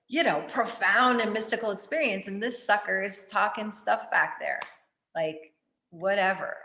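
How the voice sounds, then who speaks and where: A woman's voice: mid-range voice, a bit bright, echoey room. A woman hosting a casual spiritual chat, rambling and chatty, with lots of fillers and casual swearing. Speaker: spiritual talk host.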